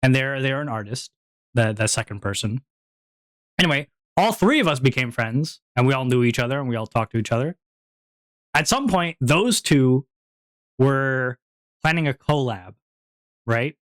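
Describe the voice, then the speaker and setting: A man's voice: medium pitch, expressive, normal speed, pauses often, no room sound. A young man chatting casually on a stream, rambling, repeating himself and laughing often. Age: young adult.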